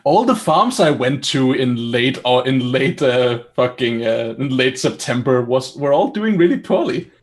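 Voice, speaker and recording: A man's voice: medium pitch, lively intonation, measured pace, few pauses. A man playing at a tabletop game, talking casually with hesitant fillers and the odd swear word. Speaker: player.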